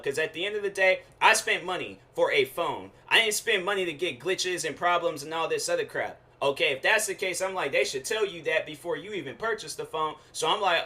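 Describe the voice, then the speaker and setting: A young man hosting his own show, telling a casual slangy rant with lively quoted asides. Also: sits high, fast, hardly any pauses. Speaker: show host.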